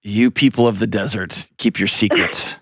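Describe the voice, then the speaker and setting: A man hosting a call-in advice show, talking with a lively, joking, self-mocking energy. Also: fairly low pitch, normal speed, dry recording, studio quality. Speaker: host.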